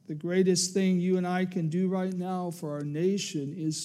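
A man preaching a sermon as pastor, measured and emphatic, quoting scripture in slow, stressed phrases. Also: high-pitched, level tone, warm tone.

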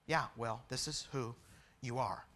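A man preaching a testimony sermon, quiet and confessional at times, building to loud, fervent preaching. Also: medium pitch, unhurried.

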